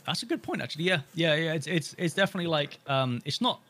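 A man's voice: fairly high pitch, expressive, fast talker, a bit bright. A young British man chatting casually as a podcast guest, rambling with lots of fillers and restarts.

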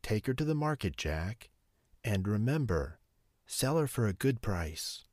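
A man voicing a poor, angry mother in a storybook reading, in a raised, sharp scolding voice. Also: on the low side, sing-song, unhurried, no echo, studio quality. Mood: urging.

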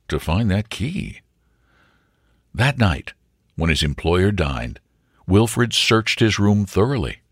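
Deep-voiced, expressive male audiobook narrator. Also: dry recording, clean studio sound. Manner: expressive, theatrical delivery. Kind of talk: audiobook reading of a comic story.

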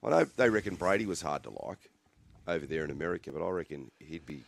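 A man's voice: low voice, expressive, fast talker, gravelly. A man with an Australian accent co-hosting sports radio, laid-back and teasing in his banter. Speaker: radio co-host.

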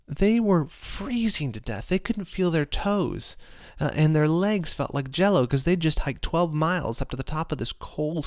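A man's voice: on the high side, no room sound, studio quality. A man in casual reflective talk, telling self-mocking stories and then turning earnest and preachy with faith lessons. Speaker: speaker sharing life lessons.

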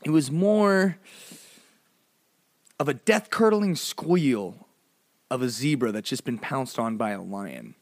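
Animated man telling a funny story. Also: slow, long pauses, no room sound, studio quality. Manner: animated, swings between low mumbles and high exclamations; lots of "like" fillers, playful. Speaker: podcast host. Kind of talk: casual storytelling.

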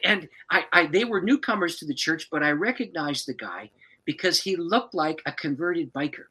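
A man's voice: on the high side, normal speed, breathy edge, rough recording. A man, a pastor and author, tells a personal story as a podcast guest, breaking into laughter as he goes. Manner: lively, laughs through his story.

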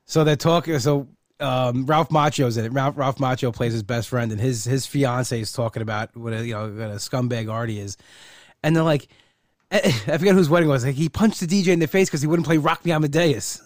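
A man's voice: mid-range voice, brisk, dry recording, clean studio sound. A man hosting a podcast, chatting casually in a rambling way with lots of restarts. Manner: rambling, repeats words, laughs often. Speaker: podcast host. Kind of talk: casual chat.

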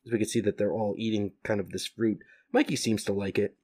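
A man's voice: fairly low pitch, steady tone, a little fast, a little mellow, breathy edge. A man casually reading a comic aloud, describing the panels with fillers. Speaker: comic reader.

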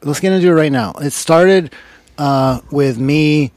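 A man's voice: on the high side, measured pace, darkish tone, no room sound. A man co-hosting a casual comedy podcast, telling a story as a profane rant. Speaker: podcast co-host.

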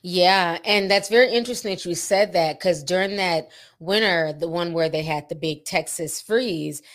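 A fairly low-voiced woman talks casually and explains things in detail. She speaks in an informative, conversational way and goes on at length. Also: moderate pace. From Minnesota. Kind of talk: casual chat.

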